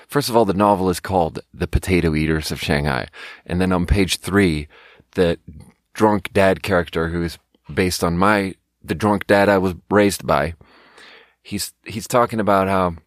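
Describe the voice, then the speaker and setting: In a dry, studio-quality recording, a deep-voiced Swedish man tells a rambling, profane story at his own expense. He is a podcast host who also works as a restaurant server, and he speaks in a loose, casual monologue.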